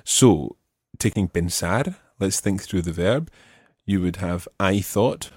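A man's voice: low voice, takes it slowly, darkish tone, slightly rough, dry recording. A man teaching a Spanish lesson, patiently explaining step by step and prompting his student. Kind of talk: spoken language lesson.

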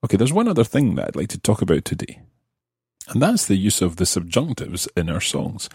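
A man teaching a Spanish lesson on a podcast, explaining grammar slowly and carefully and repeating example phrases. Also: lowish voice, huge pitch swings, darkish tone, slightly rough, no echo, clean studio sound.

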